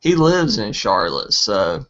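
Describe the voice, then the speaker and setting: A man with a Southern US accent chatting easily on a podcast, telling rambling stories. His voice is bright and forward. The audio is dull and lo-fi. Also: fairly low pitch, big pitch swings, slow. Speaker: podcast co-host. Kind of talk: casual chat.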